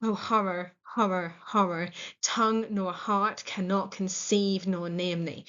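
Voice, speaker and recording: An English woman reading the part of Macduff, a male nobleman struck with horror, in an earnest, measured way. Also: mid-range voice, fairly even intonation, a bit bright, lo-fi sound, lightly acted. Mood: horrified.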